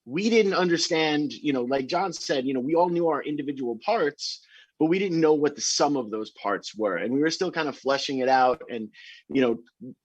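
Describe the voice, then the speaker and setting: A band member telling an animated story in an interview, talking excitedly about recording. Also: male voice, fairly high pitch, moderate pace, breathy edge, no echo.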